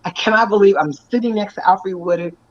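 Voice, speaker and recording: Excited woman telling stories, dull audio. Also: medium pitch, fairly quick. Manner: animated, laughs often, lively storytelling. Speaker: actress and stunt performer. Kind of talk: excited storytelling in an interview.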